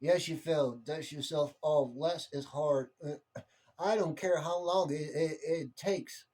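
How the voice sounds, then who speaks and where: Young adult man, impassioned monologue, swears a lot, slightly high and mellow. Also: fairly even intonation, measured pace. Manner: heated, repetitive, swears freely.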